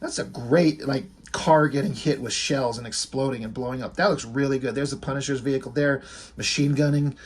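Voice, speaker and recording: A man's voice: mid-range voice, steady tone, fairly quick, husky. A man giving casual, rambling, joking commentary as he reviews a comic book. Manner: rambling, joking, often breaks into laughter.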